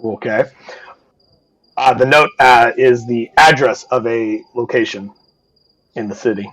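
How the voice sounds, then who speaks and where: Man, game master, live tabletop stream, casual, rambling, swears now and then, mid pitch. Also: fairly even intonation, unhurried, a bit bright, poor audio. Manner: loose, rambling, full of fillers and swearing.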